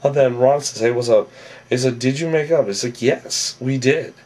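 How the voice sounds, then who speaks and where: A man's voice: mid-range voice, moderate pace, far from the mic. Rambling man recapping a reality show. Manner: rambling, with a habit of "on that"; acts out the quoted lines in a raised, louder voice. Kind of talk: casual episode recap.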